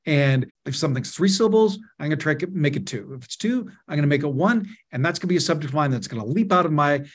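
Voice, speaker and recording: A middle-aged man talks over a video call with a slightly high, eager voice. He is emphatic and energetic, hammering key words in quick lists as he explains and tells stories. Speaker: guest, media co-founder and author. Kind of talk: webinar interview, explaining and telling anecdotes.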